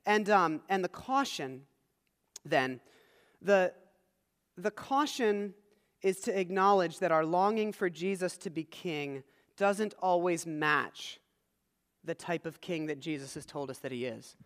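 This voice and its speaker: High-voiced male pastor in a hall. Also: measured pace. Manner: animated, swings between loud emphasis and soft low asides. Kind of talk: sermon.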